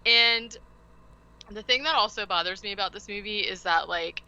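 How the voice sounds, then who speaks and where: A woman hosts a casual podcast, recapping a film in a loose, animated way. Her voice is very bright and ringing. She leans on fillers and asides as she talks. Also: mid-range voice, normal speed, smooth, muffled recording. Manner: chatty, animated retelling with lots of "like". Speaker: podcast host.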